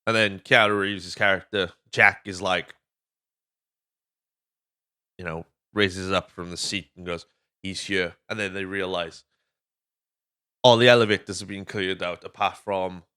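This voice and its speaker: A man's voice: low voice, steady tone, unhurried, pauses often, bright, forceful tone, clear, resonant tone. Rambling Welsh man recapping a movie. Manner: rambling, swears freely, goes off on tangents. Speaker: podcast host. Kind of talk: casual movie recap chat.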